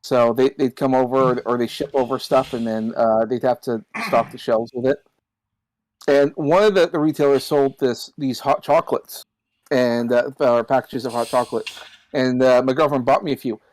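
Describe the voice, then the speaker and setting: A man's voice: mid-range voice, steady tone, moderate pace, darkish tone. A man chatting casually on a stream, telling a meandering story with a hiccup interrupting his speech. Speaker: guest on a stream. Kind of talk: casual chat.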